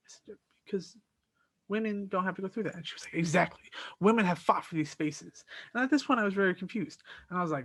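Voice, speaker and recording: A man hosting his own podcast, telling the story of an argument in a casual, animated and exasperated way, acting out both sides of the dialogue. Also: sits high, brisk, no room sound. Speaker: podcast host.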